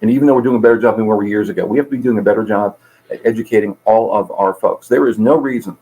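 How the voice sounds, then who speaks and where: Earnest middle-aged man, lowish voice. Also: racing, warm tone, poor audio. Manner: earnest, tells stories with voiced characters. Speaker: guest, peer support coordinator. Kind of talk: conversational interview.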